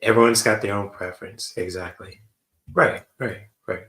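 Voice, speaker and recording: A man's voice: fairly low pitch, normal speed. A man hosting a casual stream from his room, reacting to clips and chatting while he eats. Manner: relaxed, talks while eating. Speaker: livestream host reacting to a dating show. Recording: roomy echo.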